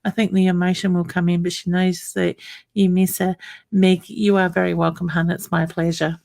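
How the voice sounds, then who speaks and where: Low raspy-edged lady doing live psychic readings, gentle, lots of honey and um, dry close sound. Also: level tone, normal speed, no echo. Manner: soft and reassuring, calls people honey and hun; hesitant, with many ums and restarts. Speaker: psychic medium.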